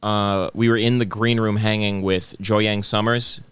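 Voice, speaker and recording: A young adult man, a comedian guest on a podcast, telling a story in a casual, animated way with frequent laughs. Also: on the low side, a little slow, clean tone. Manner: animated storyteller who laughs often and acts out quotes.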